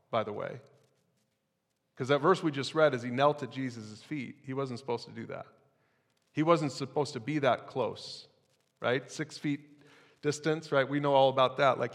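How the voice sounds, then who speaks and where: A man's voice: mid-range voice, a bit bright, big-room sound. A man preaching a sermon as pastor, in a conversational style with casual asides to the congregation.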